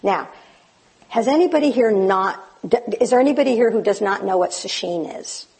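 A woman giving informal, hesitant remarks to a live Zen group, gently poking fun at herself. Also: mid-range voice, animated, normal speed, gravelly, slightly rough, poor audio. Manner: self-deprecating, gently humorous; hesitant, with restarts. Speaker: speaker at a Zen community gathering.

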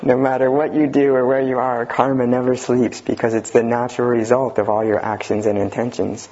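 A man teaching as a Zen teacher, giving a talk with dry humor and an unhurried manner. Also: medium pitch, level tone, a little mellow. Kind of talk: dharma talk reading and commenting. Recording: dull lo-fi recording.

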